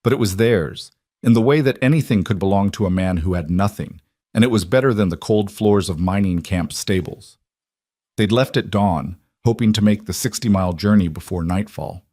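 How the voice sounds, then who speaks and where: Male narrator, low voice, dramatic story read, dry close-miked sound. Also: a little mellow, no room sound.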